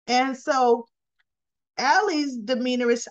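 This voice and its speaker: A woman with a fairly high voice retells soap opera scenes in a casual, chatty way. She acts out the characters' lines as she goes. The recording sounds dull and lo-fi. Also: animated, a little slow. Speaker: soap opera recap host.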